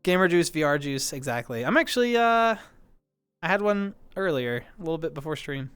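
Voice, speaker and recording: A man's voice: a little high, sing-song, fairly bright tone, clear, resonant tone, no room sound. A man hosting a casual livestream, answering chat in a rambling way, often correcting himself and apologizing. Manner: rambling, self-correcting, quick to apologize and laugh.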